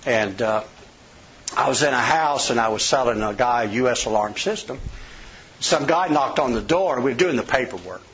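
A man's voice: mid-range voice, normal speed, a bit bright, slight background noise. A middle-aged man preaching a sermon, a folksy storyteller who tells personal anecdotes. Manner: folksy storyteller, acts out quoted voices. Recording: slightly dull lo-fi sound.

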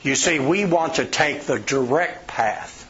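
A man's voice: on the high side, unhurried, a bit bright, slight background noise. A middle-aged man preaching a sermon, a folksy storyteller who tells personal anecdotes. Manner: folksy storyteller, acts out quoted voices. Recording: slightly dull lo-fi sound.

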